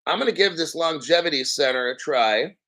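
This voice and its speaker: A man's voice: a little high, lively intonation, a little fast, fairly bright tone. A man in his fifties hosting his own crypto channel, ranting casually to viewers in a mocking, profane, rambling way. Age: 50s. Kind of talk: casual unscripted rant to viewers.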